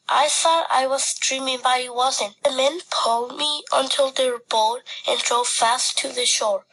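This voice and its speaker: A woman's voice: high-pitched, bright, forceful tone, low-quality recording. A woman reading a first-person story aloud in simple, earnest short sentences.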